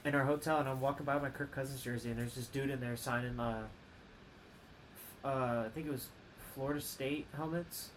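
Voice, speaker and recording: A man's voice: medium pitch, steady tone, a little fast, slight background noise, low-quality recording. A young man co-hosting a casual sports podcast, laid-back and laughing through his stories. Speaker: podcast co-host.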